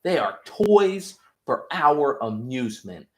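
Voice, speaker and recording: Man doing a shrill, raging superhero dad. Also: sing-song, extremely slow, bright, forceful tone, heavily acted. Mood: contemptuous. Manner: shrill, mocking outbursts. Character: volatile, menacing superhero father, man. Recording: roomy echo.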